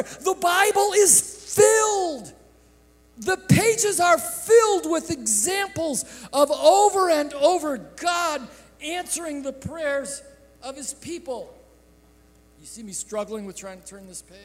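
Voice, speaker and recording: High-voiced impassioned male preacher. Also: animated. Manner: impassioned preaching with sudden shouts and hushed drops; slow, drawn-out delivery. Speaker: pastor. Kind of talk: sermon. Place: church sanctuary. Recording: echoey sanctuary with long reverb.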